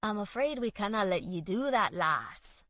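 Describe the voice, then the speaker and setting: A woman's voice: mid-range voice, lively intonation, normal speed, dry recording, natural voice. A stiff, self-important man in a fur hat, as a female narrator puts him on, putting on a bad fake Scottish burr. His delivery is haughty and rule-bound. The read is dry and slightly muffled.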